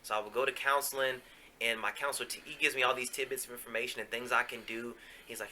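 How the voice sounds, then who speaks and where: A man hosts a podcast and shares a personal story in a confessional way. His speech is casual and full of fillers and swearing. His voice is very bright and forceful, at an average pitch. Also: fast. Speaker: podcast host.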